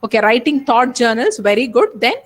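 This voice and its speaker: Brief: woman with an Indian English accent, high and lively voice, earnest webinar talk to students. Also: brisk. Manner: earnest, repetitive, addresses students directly. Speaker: webinar speaker on exam stress. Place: home or office, webinar. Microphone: computer mic on a video call.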